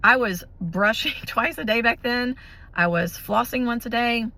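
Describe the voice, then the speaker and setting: A woman's voice: on the high side, a little slow, vocal fry. A woman, casually telling a personal faith story to her viewers, chatty and full of restarts. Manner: chatty, animated, many restarts and fillers. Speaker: vlogger sharing a testimony.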